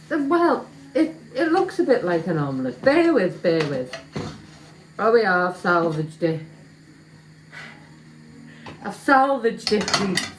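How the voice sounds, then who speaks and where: A woman chats casually with viewers while cooking in her home kitchen for a vlog, poking fun at herself as she goes. Her voice is medium-pitched, and the echoey kitchen carries clattering pans and slight background noise.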